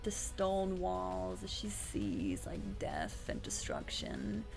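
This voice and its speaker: A woman's voice: fairly low pitch, huge pitch swings, takes it slowly, gravelly, music in the background. A woman streamer casually recapping a story, rambling with restarts and swearing.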